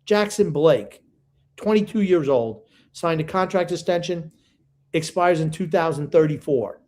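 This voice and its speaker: Older man, grumpy sports podcast co-host, fairly high voice, blunt and teasing. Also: unhurried, darkish tone. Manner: gruff, opinionated, ribbing. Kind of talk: casual sports podcast chat.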